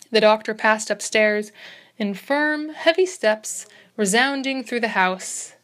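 A woman narrating a classic story as an audiobook. Her voice sits a bit high, and the reading is steady and even, with occasional slips corrected on the spot. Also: slow pace. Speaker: reader.

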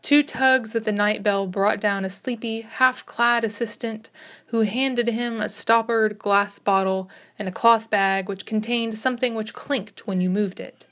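A woman narrating a classic short story as an audiobook reader, in a measured, expressive reading. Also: medium pitch.

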